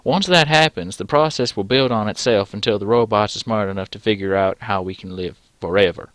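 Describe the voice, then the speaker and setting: A man's voice: lowish voice, brisk, a bit bright, no room sound, natural voice. A man voicing a pompous male scientist who talks in a put-on American Southern drawl. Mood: smug. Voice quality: pompous, condescending.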